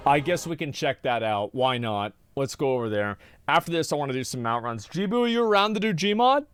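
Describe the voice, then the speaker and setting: A man's voice: on the high side, lively intonation, brisk, fairly bright tone, clear, resonant tone, no room sound, soft background music. A man streaming live, ranting casually and with frequent swearing while he answers chat. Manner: profane, exasperated ranting.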